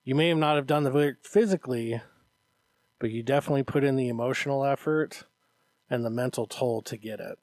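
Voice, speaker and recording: A man co-hosts a casual podcast as a martial arts instructor, speaking earnestly and encouragingly to parents, acting out their voices and often checking in with "Okay?". His voice is medium-pitched, brisk, and darkish, with no room sound.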